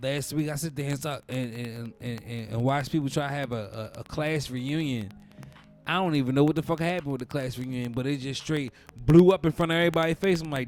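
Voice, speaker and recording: A young man from Baltimore with a Baltimore accent, hosting a casual podcast monologue in an animated, profane storytelling manner with loud outbursts. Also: mid-range voice, fairly quick, faint music behind. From Baltimore, USA. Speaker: podcast host.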